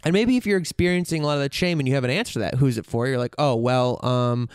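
A man's voice: fairly high pitch, sing-song, rapid-fire, clear, resonant tone, dry recording, clean studio sound. A man in a candid, reflective monologue, swearing freely and searching for his words as he goes.

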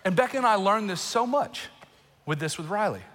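Male pastor, high and bright voice, impassioned preaching in a reverberant hall. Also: brisk. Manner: emotional, animated preaching with laughs and outbursts. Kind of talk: sermon. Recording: long reverb in a large hall.

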